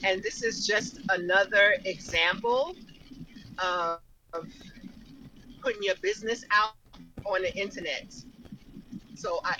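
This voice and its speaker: A woman co-hosting a news show and commenting in an animated, exasperated way. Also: medium pitch, noisy background. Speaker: co-host. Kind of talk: casual chat.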